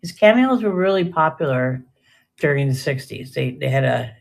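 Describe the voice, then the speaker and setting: A woman's voice: very deep voice, animated, normal speed, creaky. An older woman chatting casually and rambling through a live jewelry sale, often trailing off mid-sentence. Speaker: live-stream jewelry seller.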